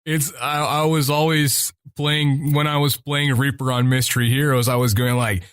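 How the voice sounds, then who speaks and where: A man co-hosting a podcast in casual chat, animated, joking and swearing freely. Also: medium pitch, normal speed, clear, resonant tone, dry recording, clean studio sound. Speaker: podcast co-host.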